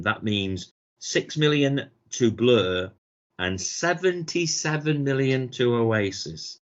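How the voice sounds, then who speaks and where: A man's voice: mid-range voice, lively intonation, slow pace. A man, co-hosting a podcast in casual chat, telling stories full of swearing and putting on the voices of the people he quotes. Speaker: podcast co-host. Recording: dull lo-fi sound.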